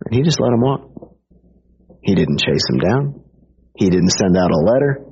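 A man preaching a casual storytelling sermon, husky-voiced and animated, breaking into little acted quotes. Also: fairly low pitch, moderate pace, pauses often. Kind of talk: conversational sermon. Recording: dull lo-fi recording.

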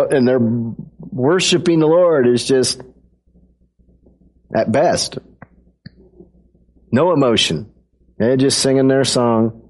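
A man's voice: mid-range voice, darkish tone. A man preaching a sermon to a congregation in a conversational, playful way, acting out quotes with his voice. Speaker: pastor.

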